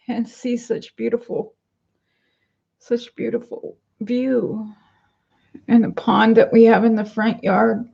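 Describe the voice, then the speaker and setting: A woman talks slowly into a computer webcam at home, her voice heavily gravelly. She rambles in a downcast way and reads out viewer comments. The audio is husky and comes through dull and lo-fi. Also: fairly high pitch, dark tone. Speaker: vlogger. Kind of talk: casual home vlog. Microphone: computer webcam mic.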